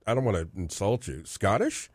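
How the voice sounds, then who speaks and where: A man hosting a faith music radio show, interviewing a guest in an upbeat, lively way. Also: fairly low pitch, moderate pace, dry recording. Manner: upbeat, lively questioning with laughs. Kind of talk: interview chat.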